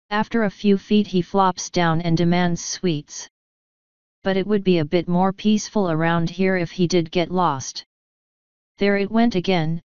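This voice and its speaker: A woman reads an audiobook in a steady, even storytelling manner. Her voice is low and very smooth. The recording is dry and close, with a slightly dull tone. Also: no echo. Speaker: audiobook reader. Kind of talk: scripted audiobook narration.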